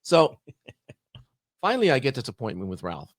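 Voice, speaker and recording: A man's voice: mid-range voice, moderate pace, dry recording. A middle-aged man on a podcast, telling a work story in casual chat and acting out both sides of the dialogue. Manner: animated storyteller, acts out dialogue. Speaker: podcast guest.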